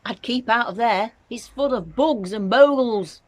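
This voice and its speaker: A worried young boy calling out and pleading with rising urgency, as a woman reading a storybook puts him on. The voice is lifted well above an ordinary speaking pitch and is a little louder than everyday talk. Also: measured pace. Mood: anxious pleading.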